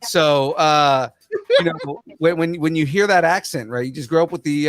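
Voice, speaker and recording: Male podcast host, excitable and rambling, fairly high voice, dry sound. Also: normal speed, no echo. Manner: excitable, rambling, laughs easily. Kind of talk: casual podcast chat and sponsor reads.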